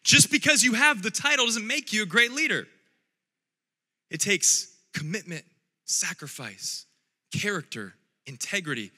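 A man preaching a sermon, reading scripture quietly and then building to loud, repeated calls. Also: high voice, expressive, a little slow, long pauses, big-room sound. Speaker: pastor.

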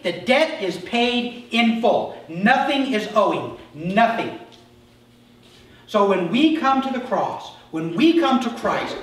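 A male pastor delivering a sermon, emphatic, dropping to soft asides and then rising sharply. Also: very high-pitched. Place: church sanctuary. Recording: echoey church hall from far off.

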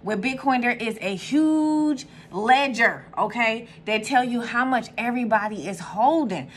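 A young woman hosting her own channel in casual, animated chat, swearing freely and jumping to sudden high squeals. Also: measured pace, a little hiss or hum. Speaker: tarot reader and channel host.

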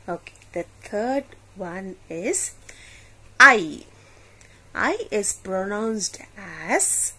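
A woman teaching a phonics lesson for children, slowly saying each sound and asking the listener to repeat. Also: mid-range voice, very animated, a bit bright, husky.

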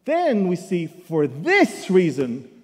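A man teaching the Bible as a sermon, emphatic, with sudden loud bursts and humorous asides. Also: high-pitched, huge pitch swings, slow pace. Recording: long hall reverb.

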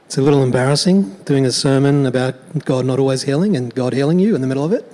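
A male pastor telling a story in his sermon, conversational and animated. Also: mid-range voice, quick pace, in a large hall, low-quality recording.

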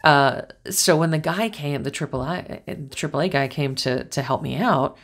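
A middle-aged woman with a low voice talks through a tarot and astrology reading in a loose, chatty way. She rambles into anecdotes, restarts her sentences and keeps up a lively storytelling flow. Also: moderate pace. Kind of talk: casual tarot reading to camera.

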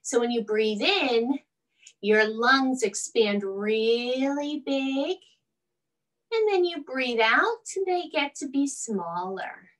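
A woman leading a gentle bedtime yoga class for children, coaxing and soothing, with playful moo and meow sounds. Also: high-pitched, lively intonation, slow, recorded from a distance, poor audio. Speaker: kids' yoga teacher.

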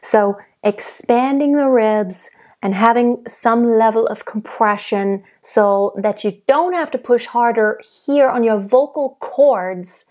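A young adult woman giving a singing lesson, explaining technique calmly and demonstrating by singing. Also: fairly high pitch, slow pace. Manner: calm, explanatory teacher who demonstrates by singing. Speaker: vocal coach.

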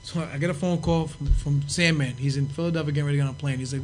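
Fast-talking, profane man telling stories. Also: medium pitch. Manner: profane, animated storyteller acting out quotes. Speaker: podcast guest. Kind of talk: casual storytelling.

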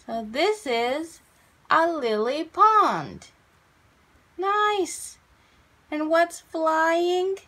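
A woman teaching small children English, talking in a slow, sing-song, encouraging way. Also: extremely high pitch, very animated, bright, forceful tone. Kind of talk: kids' English lesson, sing-along and coloring.

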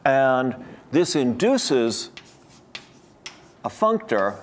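A man's voice: medium pitch, big pitch swings, drawn-out words. A middle-aged man giving an academic seminar lecture, thoughtful and digressive, often restarting his sentences. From United States.

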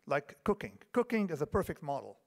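This keynote speaker is a man in his fifties lecturing in a big conference hall, with long reverb from the hall on the recording. His voice sits on the high side, brisk and sing-song with some vocal fry. He wanders off into asides, restarts frequently, and asks the audience "okay?" along the way.

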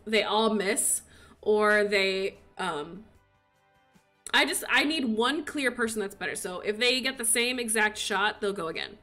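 A woman giving casual commentary on her own game, excitable and cheering as she plays. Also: on the high side. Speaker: gaming video creator.

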